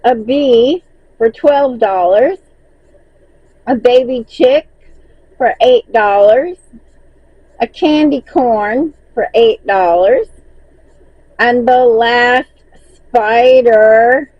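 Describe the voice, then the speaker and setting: Southern lady chatting thru her sales list, slow and a bit husky, dull dry lo-fi sound. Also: a little high, dry recording. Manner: reads sales list, laughs often, chatty storytelling. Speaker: crochet seller recapping market sales. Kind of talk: casual vlog recap.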